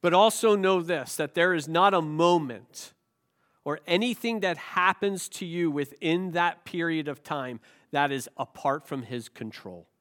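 Animated pastor preaching with a cold. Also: male voice, a little high, a little slow. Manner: animated preaching with rhetorical questions and self-deprecating jokes. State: has a cold. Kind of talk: sermon.

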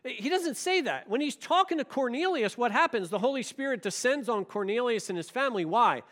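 Animated preaching man, bright voice. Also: very high voice, fairly quick. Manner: emphatic preaching, rhetorical questions. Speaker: pastor. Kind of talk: sermon.

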